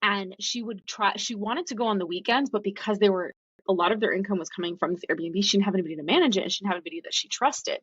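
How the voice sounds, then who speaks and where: A woman's voice: mid-range voice, fast, fairly bright tone, breathy edge, dry recording. A woman guest telling her story in a casual, chatty way, full of "like" fillers. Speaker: podcast guest. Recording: dull, dry lo-fi recording.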